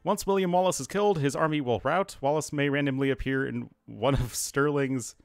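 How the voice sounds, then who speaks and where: A man's voice: mid-range voice, a little fast, no room sound, studio quality. A man playing a strategy game and reading its mission briefing aloud, stumbling over words with frequent fillers. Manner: reads briefing text with frequent fillers and restarts. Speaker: game streamer.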